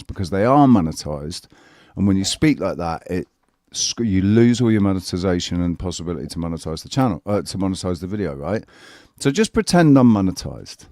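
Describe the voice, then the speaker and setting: A man's voice: low-pitched, a little mellow, no room sound, studio quality. A man hosting a casual online panel who speaks earnestly and lectures his guest, with many restarts. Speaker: channel host. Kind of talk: casual chat.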